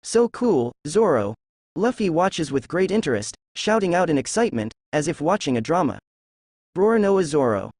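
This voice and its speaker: A man narrating a fan novel aloud in a steady reading voice. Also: on the high side, brisk, no echo. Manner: steady reading, reads characters' lines in the same voice.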